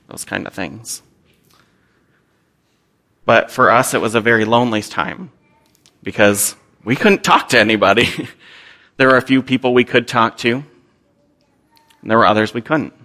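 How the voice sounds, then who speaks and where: A young missionary man tells his own story to a congregation, candid and earnest, with flashes of self-deprecating humor. His voice sits low, with a gravelly fry and a bright, forceful edge. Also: measured pace, pauses often. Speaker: missionary speaking to a church. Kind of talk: personal testimony talk.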